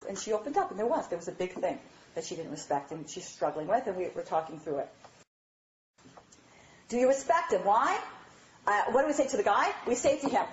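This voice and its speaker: A woman giving a lively, chatty lecture on marriage, often checking in with her audience. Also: mid-range voice, fast talker, slight background noise. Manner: animated, chatty, asks "all right?" often. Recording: dull, roomy hall recording.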